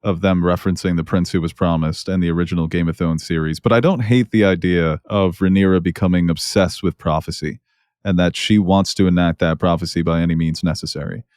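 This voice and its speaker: A man with a low, deep voice co-hosts a podcast review in casual chat. He gets animated and laughs as he mocks scenes. The sound is dry and close, with no room echo. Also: fairly quick. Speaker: podcast co-host.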